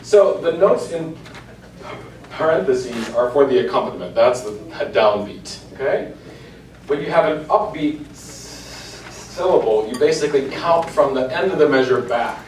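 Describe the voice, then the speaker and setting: Expressive and unhurried, this mid-range male voice has a darkish tone and is recorded from a distance. He's a church cantor informally lecturing an adult class in a church meeting room and chanting example lines in rhythm, with echo and faint hiss in the room.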